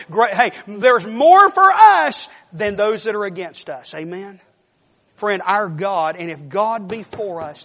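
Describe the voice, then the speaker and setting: High-pitched guy preaching, acts out the story, big echoey church. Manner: animated storytelling, acts out voices. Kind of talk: sermon. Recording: long reverb of a large hall.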